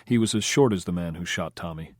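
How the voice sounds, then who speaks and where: A man reads a crime novel aloud in a steady, understated narration. His voice sits very low, and the recording is close and dry with no room sound. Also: quick pace, no room sound. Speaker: audiobook narrator. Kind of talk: scripted narration.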